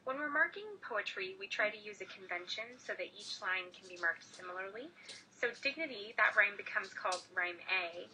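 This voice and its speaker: A woman's voice: mid-range voice, normal speed, few pauses, sharp tone, distant mic, a little hiss or hum, rough recording. A woman teacher explaining a lesson step by step, talking straight to her students. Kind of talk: screen-recorded lesson.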